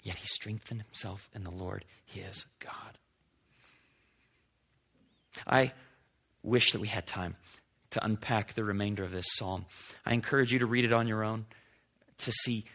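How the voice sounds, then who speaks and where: Husky-voiced male preacher. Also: medium pitch. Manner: dynamic preaching, swings from emphatic to hushed. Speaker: pastor. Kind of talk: sermon.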